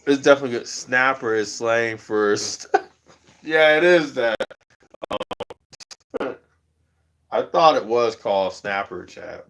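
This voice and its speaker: A man livestreaming, chatting casually and rambling, chuckling often as he talks. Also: medium pitch.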